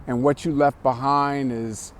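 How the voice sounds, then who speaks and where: A man voicing a prank caller who poses as a stern official, with a flat, businesslike delivery. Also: medium pitch, a little slow, close to an everyday voice.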